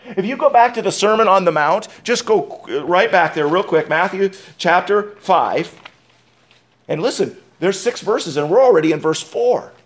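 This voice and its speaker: A man delivers a sermon as pastor, his voice sitting high for a man. He drives points home with repeated rhetorical questions, then drops into quieter asides. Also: animated, moderate pace.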